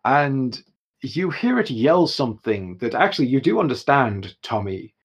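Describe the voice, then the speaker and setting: A young man runs a tabletop game, narrating in a lively, chuckling way. His voice is gravelly and husky at a mid pitch. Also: a little slow. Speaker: game master.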